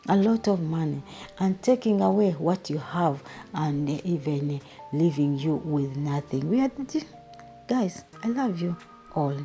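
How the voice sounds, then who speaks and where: A woman hosting a movie review channel, recapping a drama series in an animated, emotional way and speaking straight to her viewers. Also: sits low, unhurried, soft background music.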